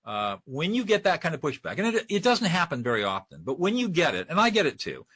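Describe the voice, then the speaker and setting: A man's voice: fairly high pitch, wildly swooping pitch, fast, a bit bright, slightly rough. A man giving a webinar lecture on de-escalation, speaking conversationally and acting out example lines. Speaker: de-escalation trainer.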